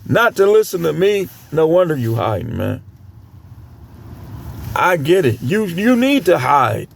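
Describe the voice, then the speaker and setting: A man's voice: a little high, big pitch swings, a little slow, gravelly, a little hiss or hum. A middle-aged man giving blunt, scolding dating commentary, lecturing his viewers in a preachy way. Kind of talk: ranting commentary to camera.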